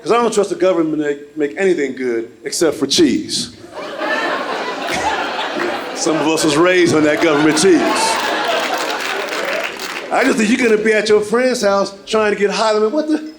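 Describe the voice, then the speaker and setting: A man performing a stand-up comedy set on a club stage, animated and shouting his punchlines. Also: high voice, normal speed, long pauses, very noisy. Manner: animated, loud punchlines, slips into voices for characters. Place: comedy club stage before a live audience. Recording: live stage mic with crowd laughter.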